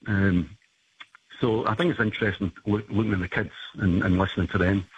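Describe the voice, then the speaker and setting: Husky low-voiced man on a muffled line. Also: brisk. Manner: relaxed, rambling with fillers. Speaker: guest parent. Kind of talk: casual radio chat.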